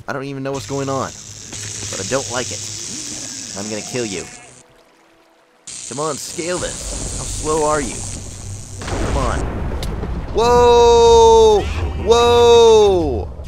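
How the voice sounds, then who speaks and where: A young man giving casual gameplay commentary as a channel host, excitable and often yelping in surprise. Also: medium pitch, noisy background. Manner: excitable, exclaims and yelps often.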